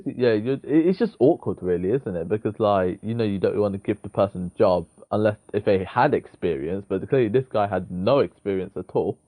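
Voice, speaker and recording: A man's voice: fairly low pitch, lively intonation, a little fast, hardly any pauses, warm tone, no room sound. A young man co-hosting a podcast, agreeing with his friend and chiming in with short replies. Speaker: podcast co-host. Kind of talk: casual chat.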